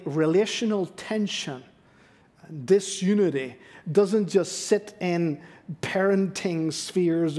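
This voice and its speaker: A middle-aged man delivers a sermon in a church sanctuary with a slightly high voice. He tells stories about himself in a self-deprecating, confessional way. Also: dark tone. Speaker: guest preacher.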